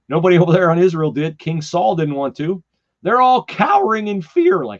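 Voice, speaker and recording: Animated male podcast host storytelling. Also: sits high, moderate pace. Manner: animated storyteller who slips into character voices. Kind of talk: casual podcast monologue retelling a Bible story. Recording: slightly dull lo-fi podcast audio.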